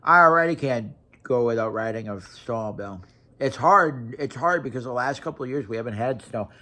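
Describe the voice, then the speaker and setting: A man's voice: mid-range voice, expressive, a little fast, sharp tone. Blunt, profane young man ranting casually. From Wisconsin. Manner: blunt, profane, repetitive restarts. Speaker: vlogger. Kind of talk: casual rant to camera.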